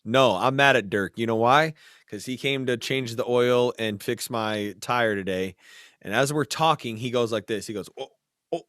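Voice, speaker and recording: A man's voice: mid-range voice, moderate pace, a bit bright, dry recording, studio quality. Joking man bantering on a podcast. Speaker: podcast co-host. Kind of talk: casual podcast chat.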